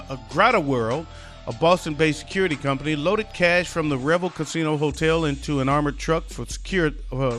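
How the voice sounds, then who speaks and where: A wisecracking male podcast host delivering offbeat news with loose, profane asides. His voice sits a little higher than most men's. Soft music lingers behind him. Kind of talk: comedic news talk show.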